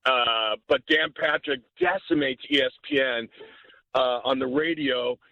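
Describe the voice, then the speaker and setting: A man's voice: medium pitch, sing-song, a little slow, vocal fry, bright, forceful tone, no room sound. A man calling in to a sports radio show, rambling and meandering through his point over a tinny phone line. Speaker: caller. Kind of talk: rambling call-in talk.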